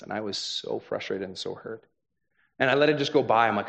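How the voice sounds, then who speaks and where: A man's voice: fairly low pitch, fast talker, vocal fry, fairly bright tone, lo-fi sound. A young adult man preaching a sermon as a pastor, talking in a conversational, earnest way with frequent "right?" asides.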